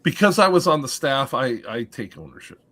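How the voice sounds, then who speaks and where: A man's voice: mid-range voice, lively intonation, brisk, fairly bright tone. Wry man chatting on a podcast. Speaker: panelist, football coach. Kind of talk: casual podcast chat.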